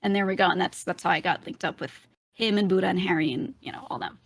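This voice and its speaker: A woman's voice: on the low side, fast talker, husky, dry recording. Chatty young woman, light Brooklyn accent. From Brooklyn, New York. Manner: chatty storytelling, often laughing, many fillers. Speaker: streamer and roleplayer, interview guest. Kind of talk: casual interview chat.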